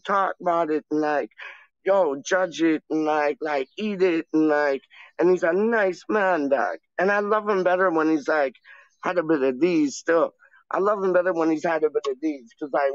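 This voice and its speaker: A man's voice: on the high side, no room sound, dull audio. A man hosting his own channel, chatting casually in slang and rambling on a livestream, calling everyone "dog". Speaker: channel host. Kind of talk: casual livestream chat and freestyle rap.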